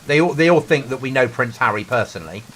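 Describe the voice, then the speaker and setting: A middle-aged British man streams a game and chats earnestly with a friend, telling stories along the way. He talks fast with lively intonation at a medium pitch and a slightly bright tone, on poor audio with a little hiss or hum.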